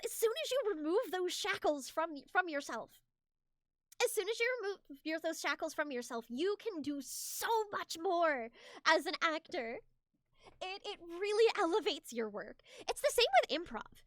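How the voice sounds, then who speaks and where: A woman streamer giving casual advice on voice acting, chatty and animated with many restarts and repeated words. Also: very high-pitched, moderate pace, no room sound, clean studio sound. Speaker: streamer and hobbyist voice actor.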